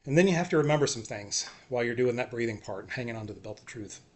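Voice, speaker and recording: A man giving an earnest, self-encouraging faith talk, repeating short phrases and often trailing off softly. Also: mid-range voice, lively intonation, racing. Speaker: faith vlogger. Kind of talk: personal faith talk to camera.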